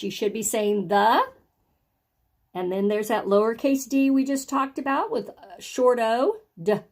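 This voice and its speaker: A woman teaching young children phonics and handwriting, encouraging them and sounding out each word slowly. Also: mid-range voice, a little mellow.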